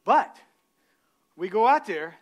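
A high-voiced male pastor preaches a sermon. He mixes humorous stories with energetic calls to the congregation and builds to shouted emphasis. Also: slow pace.

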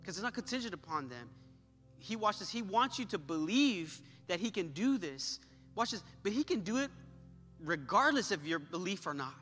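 A man preaching a sermon as pastor, impassioned and swelling louder as he prays. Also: high-pitched, big pitch swings, normal speed. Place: church sanctuary. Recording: church hall reverb with soft music.

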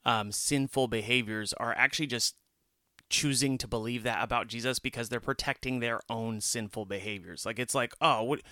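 A man co-hosting a casual Bible study podcast, earnest and lively when retelling scenes. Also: medium pitch, normal speed, no room sound, clean studio sound. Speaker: podcast co-host.

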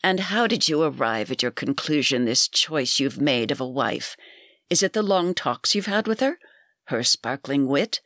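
A woman's voice: very deep voice, lively intonation, normal speed, a bit bright, dry recording, exaggerated voice. A woman voicing a wry, blunt old woman who mocks a young suitor. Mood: mocking. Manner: mocking, dry.

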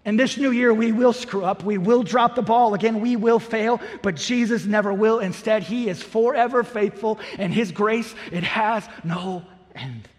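Male pastor, earnest sermon delivery, higher-pitched, big hall reverb. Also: normal speed, few pauses. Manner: earnest, repeats key phrases for emphasis.

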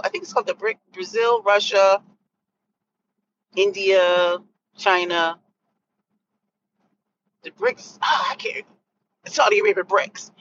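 A woman hosting a casual livestream, talking in an animated, rambling way and correcting herself mid-thought. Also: medium pitch, highs cut off, slight background noise. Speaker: host.

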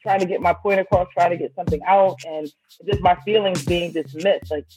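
A woman talking on a podcast in casual chat, excitable and dramatic, telling stories in an animated way. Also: lowish voice, fairly quick, soft background music, low-quality recording. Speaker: podcast guest.

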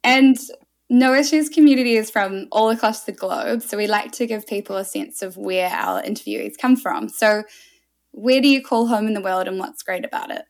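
A woman hosting a podcast interview, upbeat and quick to laugh, talking with her guest over a video call. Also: medium pitch, big pitch swings. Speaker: podcast host.

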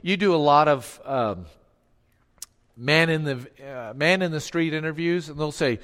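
A man's voice: a little high, measured pace, fairly bright tone. A man preaching a sermon as pastor, emphatic, asking rhetorical questions and acting out the quotes he reads. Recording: long hall reverb.

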